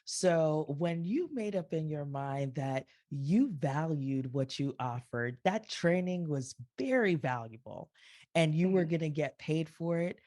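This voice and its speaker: A woman hosting a podcast interview, asking drawn-out questions and affirming her guest often. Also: sits low, animated, mellow. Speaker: podcast host.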